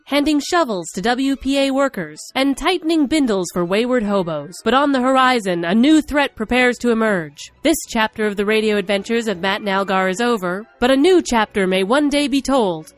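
A woman narrating a comedy sketch in a dramatic old-time radio announcer manner. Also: a little high.

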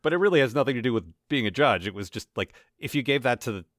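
Man with a lively, swooping voice. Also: medium pitch, quick pace, no room sound. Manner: dry, sarcastic, rambling asides. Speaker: podcast co-host. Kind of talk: casual chat.

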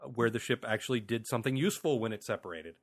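A man's voice: medium pitch, lively intonation, racing. An American man hosting a podcast, chatting casually and animatedly, laughing often and swearing freely. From United States. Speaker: podcast host.

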